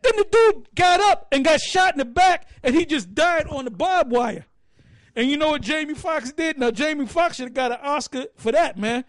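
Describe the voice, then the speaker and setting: A man's voice: extremely high pitch, normal speed, dry recording, studio quality. A man leading an open forum, telling stories full of profanity and acting out other people's lines. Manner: profane, animated storyteller acting out quotes. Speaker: forum speaker. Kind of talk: casual open-forum talk.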